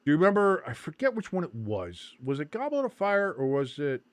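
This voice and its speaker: Excitable man hosting a sports watch-along. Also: a little high, fairly quick, no room sound. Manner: excitable, swings from loud play calls to muttered asides, swears. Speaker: watch-along stream host. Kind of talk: casual live game commentary.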